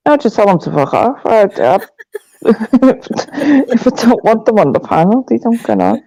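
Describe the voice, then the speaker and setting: A woman with a Scouse accent hosting a livestream, chatting casually, blunt and sweary with a quick laugh. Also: on the high side, big pitch swings, warm tone, no room sound, low-quality recording. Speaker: livestream host. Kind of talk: casual chat.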